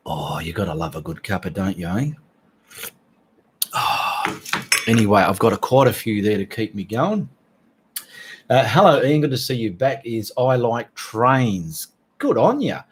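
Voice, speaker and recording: A man's voice: mid-range voice, husky. A middle-aged Australian man hosting a casual livestream, chatting in a rambling way and greeting viewers by name. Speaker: livestream host.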